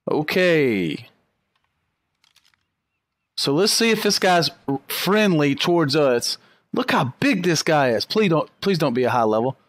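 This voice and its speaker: A young man giving excited gameplay commentary, talking to the creatures on screen and to his viewers, and laughing often. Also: a little high. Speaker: gaming YouTuber.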